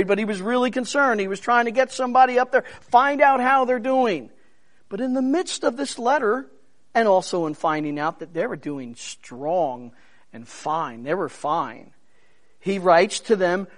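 A man with a high voice preaching a sermon. He talks conversationally, swinging from quiet, soft-spoken stretches to louder, emphatic bursts, with humorous asides along the way. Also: moderate pace. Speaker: pastor.

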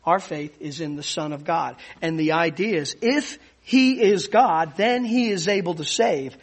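Guy preaching a sermon, pretty high voice, earnest and emphatic. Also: measured pace, slightly rough. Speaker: pastor.

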